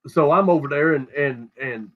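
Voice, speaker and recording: A man's voice: on the high side, normal speed. A middle-aged man from South Texas with a Texan accent, telling a rambling, profane story full of restarts in casual podcast talk. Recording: dull lo-fi audio.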